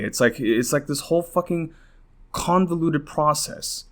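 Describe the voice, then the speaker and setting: This young man's voice runs on the high side at a moderate pace. Hosting his podcast, he unloads a meandering, profanity-laced rant with frequent restarts, worn down and close to tears.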